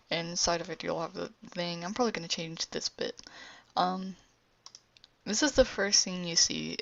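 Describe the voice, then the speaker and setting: Low gravelly woman pitching her cartoon. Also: no echo. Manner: rambling, with fillers and self-corrections. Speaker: creator pitching an animated show. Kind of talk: casual pitch narration. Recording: dull lo-fi home recording.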